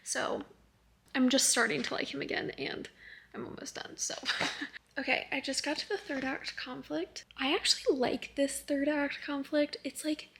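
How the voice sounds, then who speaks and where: Chatty young woman with vocal fry. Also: sits high, steady tone, moderate pace, a bit bright, a little hiss or hum. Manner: chatty, filler-heavy, drops to a near-whisper at times. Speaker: book vlogger. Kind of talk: casual book review vlog.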